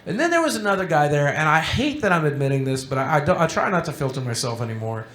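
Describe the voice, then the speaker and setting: A man's voice: fairly high pitch, very animated, fast, a bit bright. A middle-aged man speaking on a convention panel, telling candid, rambling stories with joking asides to a live audience. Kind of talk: storytelling talk to a live audience. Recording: echoey hall, faint background noise.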